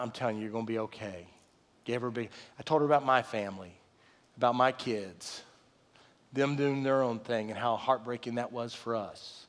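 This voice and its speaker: A middle-aged man preaching a sermon with conversational storytelling, swinging from loud excited retelling to soft low tones. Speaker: pastor. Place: church sanctuary. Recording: long reverb of a large hall.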